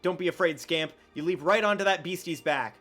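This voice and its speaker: A man reading the lines of a gruff, folksy male pirate-like villain leader in a game. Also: a little high, fairly quick, fairly bright tone, faint music behind, lightly acted. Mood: bossy.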